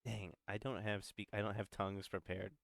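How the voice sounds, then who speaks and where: A man's voice: fairly low pitch, flat delivery, normal speed, creaky. A man playing in a tabletop game, bantering loosely and joking. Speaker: player. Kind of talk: casual table talk.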